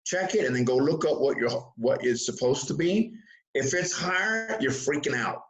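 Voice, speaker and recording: A man's voice: medium pitch, normal speed, rough recording. A man speaking as an interview guest on mindfulness, telling stories with chuckles and often restarting his sentences. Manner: lively storytelling with chuckles; restarts and repeats words often. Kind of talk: casual interview talk.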